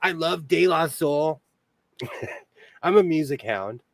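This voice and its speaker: Chatty man with a high voice. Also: animated, slow, gravelly, no echo. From California. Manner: rambling, laughs often. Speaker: podcast host. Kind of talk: casual chat.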